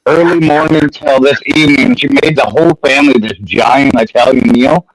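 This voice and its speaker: A man's voice: medium pitch, moderate pace, rough recording. A man on a live radio chat who retells stories casually and swears freely.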